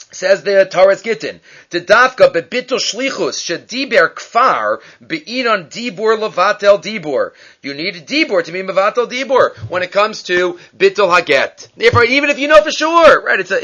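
A man teaching a Talmud class, lively and questioning, mixing in Hebrew and Aramaic terms. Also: high voice. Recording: dull lo-fi class recording.

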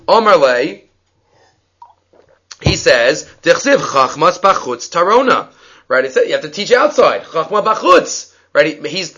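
A man teaching a Talmud lesson, reading Aramaic and Hebrew aloud and explaining it in quick English, acting out each exchange. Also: a little high, muffled recording. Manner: animated, acts out dialogue with rising voice. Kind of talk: lively Talmud lecture.

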